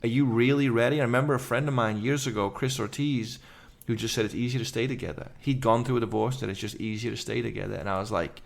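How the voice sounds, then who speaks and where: A gravelly, fry-edged male voice pours out a candid faith testimony. He tells it earnestly in long run-on sentences, barely stopping between thoughts. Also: fairly low pitch. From England. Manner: earnest, rapid run-on storytelling. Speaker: guest, urban missionary.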